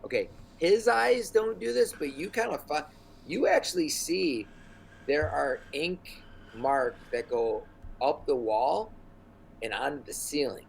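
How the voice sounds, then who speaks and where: A man's voice: on the high side, lively intonation, measured pace, gravelly, a little hiss or hum, poor audio. Rambling male game master. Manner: rambling, many ums and likes. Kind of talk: narrating a tabletop game.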